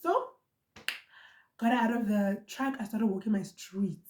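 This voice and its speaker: A young South African woman vlogger telling a storytime in an animated, emphatic way, repeating lines for effect. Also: medium pitch, a little slow. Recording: echoey room.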